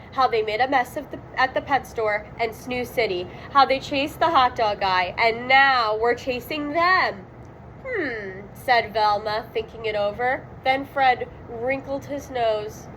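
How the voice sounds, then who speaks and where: A woman narrates a children's storybook aloud in a high, bright register. She takes her time over every line. She gives the sound words real dramatic weight. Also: unhurried, hardly any pauses, a little hiss or hum, low-quality recording. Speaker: storybook reader.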